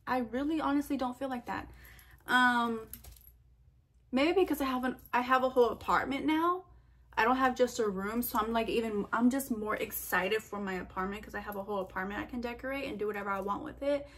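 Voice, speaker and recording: A young woman chats through viewer questions in a relaxed vlog. Her voice sits a little high. She talks in an animated way, full of fillers and playful quoted asides. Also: fairly quick. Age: young adult. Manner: chatty, animated, lots of fillers and self-quotes. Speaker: vlogger. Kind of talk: casual Q&A vlog.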